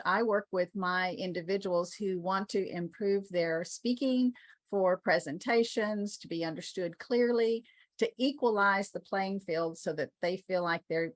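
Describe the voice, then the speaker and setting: A woman's voice: lowish voice, fairly bright tone, no room sound. Woman panelist on a dry video call. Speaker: ESL teacher and panelist. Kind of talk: online panel discussion.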